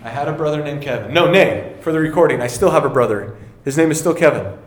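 A young man giving a casual sermon, animated and laughing, acting out voices in his stories. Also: a little high, quick pace, slight background noise. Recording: very echoey room with faint ambience.

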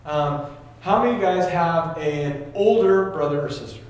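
Animated young man preaching in an echoey hall. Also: fairly high pitch, moderate pace. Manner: animated, laughing, acts out voices in stories. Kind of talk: casual sermon. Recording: very echoey room with faint ambience.

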